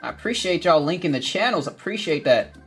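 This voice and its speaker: A man hosting a casual gardening livestream, reading viewer comments with energetic, upbeat chatter, often laughing and calling his viewers family. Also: fairly high pitch, a little fast, breathy edge, faint music behind.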